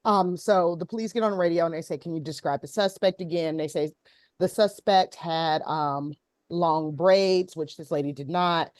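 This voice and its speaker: A woman's voice: low-pitched, a little mellow, no room sound, clean studio sound. A woman hosting a casual talk show, retelling a viral video with many ums. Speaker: host. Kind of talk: casual chat.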